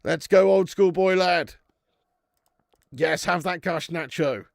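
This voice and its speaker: A man in his twenties calls a football match live for his fan channel, loud and excitable, swearing freely and bantering with chat. His voice sits high and has a gravelly edge. It is recorded close and dry. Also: takes it slowly, dry recording. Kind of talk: live football watch-along commentary.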